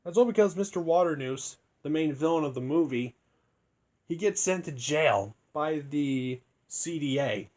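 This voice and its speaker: A young man quietly retelling a story in a rambling, casual review, keeping his voice down so he won't wake anyone. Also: fairly high pitch, expressive, a little slow. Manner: rambling, hushed to keep from waking others.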